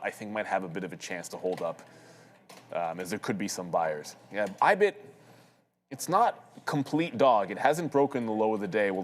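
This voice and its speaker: A man calls live trades in a quick, casual way, thinking out loud as he goes. His voice carries a long reverb from the room around him. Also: fairly low pitch. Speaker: day trader co-host. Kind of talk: live market commentary. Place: trading floor studio.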